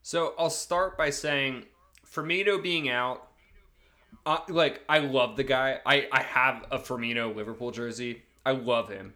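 A man talking football on a casual podcast, his voice bright and forward at a middling pitch. He rambles, stops and restarts, piling up fillers as he works through his predictions. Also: a little slow. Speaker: podcast co-host, Liverpool supporter.

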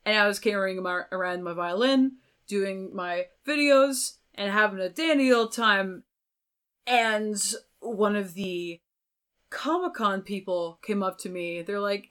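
This young adult violinist has a clear, resonant, medium-pitched voice and talks a little slowly. As a podcast guest in a casual interview chat, she's chatty, animated in her stories, and leans heavily on filler words.

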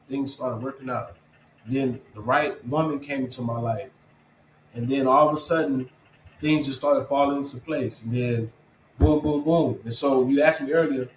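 A man with a slightly high voice talks earnestly in an interview, urging listeners like a preacher and calling them bro. His voice bounces around an echoey room, with a faint hum of ambience behind him. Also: a bit bright. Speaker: interview guest, program founder. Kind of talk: casual interview talk.

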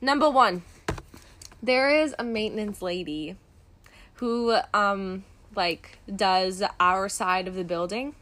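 A woman's voice: takes it slowly, fairly bright tone. A young woman co-hosting a podcast, chatting casually and bubbly, often gasping and laughing. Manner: doing high squeaky voices when quoting. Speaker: podcast co-host. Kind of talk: casual chat.

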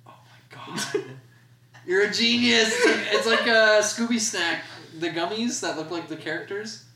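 Bright-voiced playful man, echoey room. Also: high-pitched, a little slow. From Canada. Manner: playful, giggly, riffs on ideas. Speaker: podcast co-host. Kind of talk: casual banter. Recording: roomy echo.

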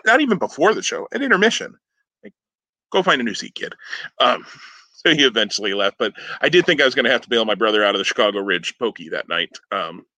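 A male podcast host telling a story in a loose, rambling way, full of fillers and little laughs. His voice is bright and forward. The sound is dry and close, with no room around it. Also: mid-range voice, no echo, rough recording. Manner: rambling, self-interrupting, chuckling. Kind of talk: casual storytelling chat.

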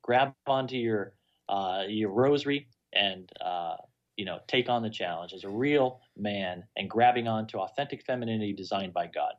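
A man's voice: on the low side, moderate pace, lo-fi sound. A male guest in a casual podcast chat. He speaks earnestly and answers in short, affirming phrases. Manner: brief affirming responses, earnest.

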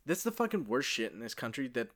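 A man's voice: medium pitch, big pitch swings, quick pace, fairly bright tone. A man in casual chat, reacting with short remarks and dry humor and swearing now and then. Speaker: listener in a conversation.

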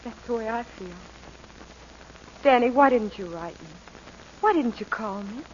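A woman's voice: on the high side, animated, unhurried, a little hiss or hum. An actress playing a young woman dancer, torn and pleading, in 1940s radio acting style. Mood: tender. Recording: muffled old radio recording.

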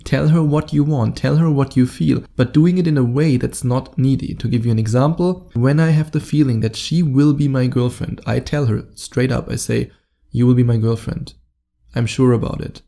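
A man's voice: medium pitch, normal speed, creaky, hardly any pauses, mellow. A man with a German accent hosting his own podcast as a dating coach, talking straight to the listener in a direct, coaching way. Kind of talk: solo podcast monologue.

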